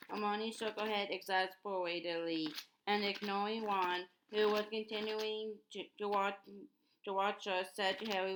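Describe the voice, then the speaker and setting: A woman's voice: mid-range voice, flat delivery, fairly bright tone, slight background noise. A woman reading a novel aloud, stumbling and restarting often and spelling out hard names letter by letter. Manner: halting, with frequent restarts and repeated words. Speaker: audiobook reader. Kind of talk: amateur read-aloud of a novel.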